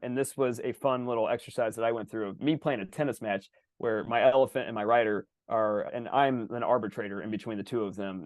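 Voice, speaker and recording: A man hosting a podcast, telling a rambling, animated story in casual chat and swearing freely. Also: medium pitch, no echo. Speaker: podcast host.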